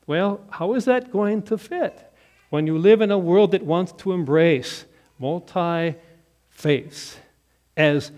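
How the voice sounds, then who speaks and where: Pastor, male, higher voice, very animated delivery, dramatic hushed and loud turns. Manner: emphatic, dramatic shifts between loud and hushed. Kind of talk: sermon.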